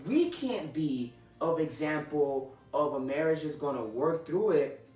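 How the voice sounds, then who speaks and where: A man's voice: on the high side, animated, a little slow. A man co-hosting a faith-based marriage chat, talking in an earnest, encouraging way and quoting scripture. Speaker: co-host of a marriage ministry show. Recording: roomy sound, mic at a distance, soft music.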